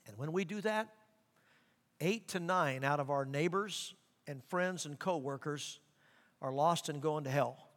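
A middle-aged man preaching a sermon as pastor, animated, acting out quoted voices. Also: on the high side. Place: large church sanctuary. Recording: long reverb of a large hall.

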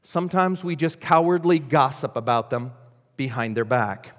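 A man's voice: medium pitch, expressive, moderate pace. A man preaching a sermon as pastor, telling a Bible story with dramatic, varied delivery and acted voices. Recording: long hall reverb.

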